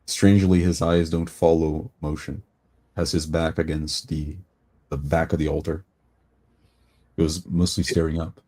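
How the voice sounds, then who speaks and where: Deep-voiced guy running a tabletop game, slow, descriptive. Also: little pitch movement, a little mellow. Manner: deliberate, descriptive, unhurried. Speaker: game master.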